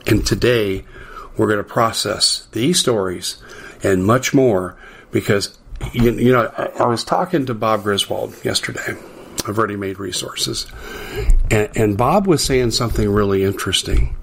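A middle-aged man hosting a talk radio show, delivering an emphatic, indignant political monologue that climbs in pitch to stress key words. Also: a little slow, vocal fry, fairly bright tone, husky.

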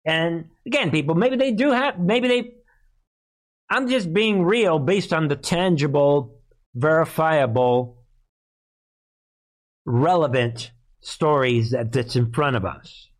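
A man's voice: a little high, takes it slowly, pauses often. Sarcastic male live-stream commentator. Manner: sarcastic, scoffing. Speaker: political commentary host.

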